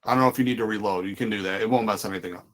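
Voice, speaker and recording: A man's voice: lowish voice, very fast, fairly bright tone. A man hosting a casual podcast chat, rambling as he talks and acting out what other people said. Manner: rambling, restarts his sentences and acts out other people's lines. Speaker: podcast host.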